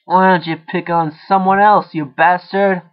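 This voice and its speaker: A man's voice: sits high, sing-song, a little slow, dull audio, voice pushed up, full character voice. Man voicing a ranting Scottish bloke. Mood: frantic ranting. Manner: loud, ranting, frantic. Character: young Scottish man, panicky, foul-mouthed.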